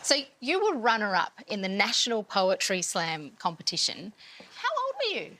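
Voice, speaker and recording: A woman's voice: mid-range voice, wildly swooping pitch, moderate pace, pushed and bright, low-quality recording. A woman hosting a cooking show, walking through each cooking step while asking her guest questions.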